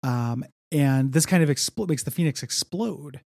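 A man co-hosting a casual comic book chat, his voice gravelly and mellow, recorded dry and close. He rambles along easily with plenty of fillers. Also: a little high, a little slow, no echo. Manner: laid-back, rambling with many fillers. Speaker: podcast co-host.

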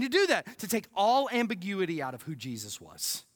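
A man's voice: high voice, wildly swooping pitch, normal speed. A man pastor preaching a sermon, emphatic and asking the congregation rhetorical questions.

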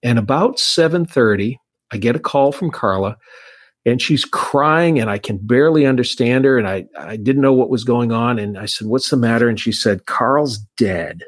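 A man's voice: mid-range voice, moderate pace, no room sound. Insurance guy telling a story, rambly, dry room. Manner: anecdotal, many restarts. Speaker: insurance agent. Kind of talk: casual storytelling.

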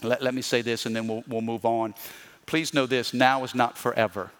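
A male pastor preaching a sermon, swinging between loud emphatic bursts and slow hushed lines and calling the congregation for amens. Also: medium pitch, level tone. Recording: long reverb of a large hall.

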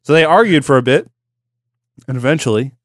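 A man's voice: on the high side, expressive, brisk, no room sound, studio quality. A young man on a comedy podcast, rambling through a story while getting drunk. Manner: rambling, puts on voices for characters in the story. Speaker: podcast host telling a story.

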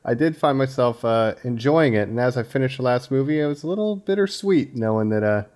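A man's voice: medium pitch, expressive, brisk, darkish tone. Playful man bantering on a podcast. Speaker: podcast co-host. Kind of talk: casual chat.

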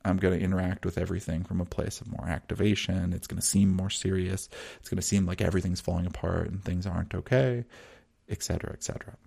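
Calm, low-voiced, gravelly male guide. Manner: calm, measured and soothing, with long pauses. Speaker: breathwork and wellness guide. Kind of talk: teaching monologue.

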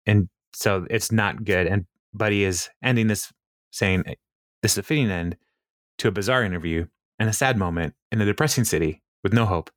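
On a casual podcast, a male co-host walks through a TV episode with plenty of laughter and filler words. His voice runs on the low side with a fairly bright tone, recorded dry at studio quality.

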